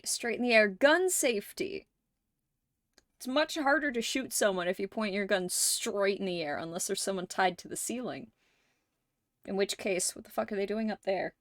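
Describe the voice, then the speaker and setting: A woman hosting a livestream, chatting casually with viewers, laughing often and swearing freely in animated reactions. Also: medium pitch, normal speed, dry recording, studio quality. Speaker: livestream host.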